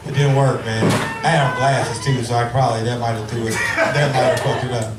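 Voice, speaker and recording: A man's voice: medium pitch, quick pace, hardly any pauses. Man joking crudely in an echoey club. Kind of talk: stand-up banter. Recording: echoey club, far mic, loud noise.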